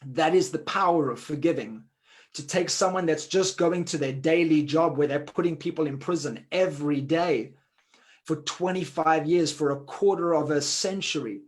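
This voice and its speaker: A man with a somewhat high-pitched voice, speaking in heartfelt personal testimony. He sounds earnest and moved, and he rushes through some stretches before drawing out the words that matter most. His style suits a speaker on a wellbeing panel. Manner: earnest and emotional, often quick, slowing down to stress key words. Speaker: forum panelist sharing a personal story.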